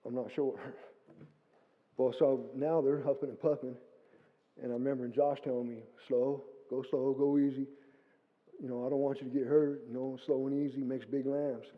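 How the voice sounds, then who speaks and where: A middle-aged man giving a guest testimony in a church hall, telling his story in a lively way and acting out what he said. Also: medium pitch, fairly quick. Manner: animated storytelling, acting out his own quotes. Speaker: guest speaker. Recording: phone-like lo-fi sound with long hall reverb.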